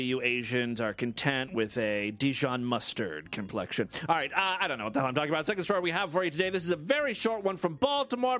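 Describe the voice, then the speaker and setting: A man's voice: high-pitched, bright, forceful tone. A man hosting a comedy podcast, reading odd news stories with jokey asides and frequent laughs. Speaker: podcast host.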